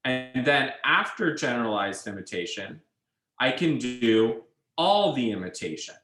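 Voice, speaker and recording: Slow, deliberate male lecturer in an echoey room. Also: mid-range voice, sing-song, fairly bright tone, soft background music. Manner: measured, explains step by step, checks in with students. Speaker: university instructor. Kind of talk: classroom lecture.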